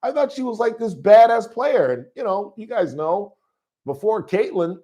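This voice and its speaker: A middle-aged man hosting a call-in sports radio show in a studio, talking loudly and rambling through stories. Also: high voice, normal speed. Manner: loud, rambling, animated storytelling.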